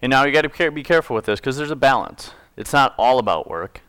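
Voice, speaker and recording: A man's voice: medium pitch, animated, quick pace, a bit bright, clean tone, no echo. A man preaching a casual sermon to his congregation, reading scripture and explaining it in a conversational, joking way. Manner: conversational, self-correcting, jokes with congregation. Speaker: pastor.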